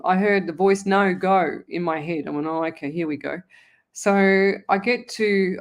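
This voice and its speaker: A middle-aged woman, a psychic radio host telling a long personal story in a rambling, casual way with many restarts. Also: on the low side. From Australia.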